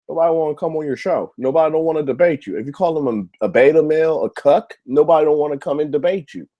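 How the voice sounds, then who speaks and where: Man, show host, angry rant, swears a lot, repeats himself, warm dark tone. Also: on the high side, animated, brisk, few pauses. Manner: heated, profane, repetitive. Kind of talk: ranting monologue to camera.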